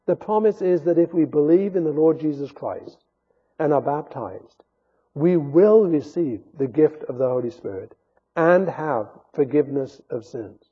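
Husky-voiced preacher delivering an earnest sermon. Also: male voice, a little high, lively intonation, unhurried, highs cut off. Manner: earnest, emphatic, rising sharply on rebukes.

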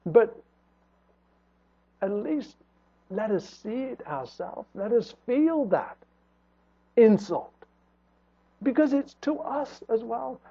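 A man's voice: high-pitched, breathy edge. A man preaching a sermon in an earnest tone, his voice rising and falling for emphasis. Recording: tinny phone-like sound.

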